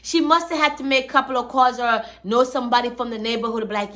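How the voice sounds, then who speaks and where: A woman's voice: fairly high pitch, fairly even intonation, fast, few pauses, fairly bright tone. A woman hosting a commentary channel, talking in a chatty, slangy storytelling way. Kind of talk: casual commentary.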